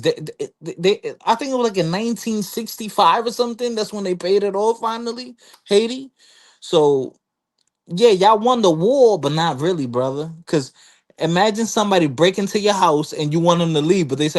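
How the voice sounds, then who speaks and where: Animated man telling history. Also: sits high, normal speed. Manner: animated storytelling, acts out quotes, frequent fillers. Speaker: panel guest. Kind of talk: casual chat.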